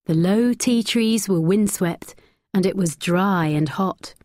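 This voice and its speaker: A woman narrating a graded-reader story slowly, clearly and expressively. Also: mid-range voice, darkish tone, dry recording, studio quality.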